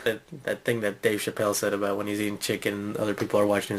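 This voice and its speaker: A man with a low, gravelly voice hosts a comedy vlog. He rambles loosely with lots of filler words and small laughs, working ideas out as he goes. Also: normal speed. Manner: loose, meandering, filler-heavy, chuckling. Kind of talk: rambling casual monologue.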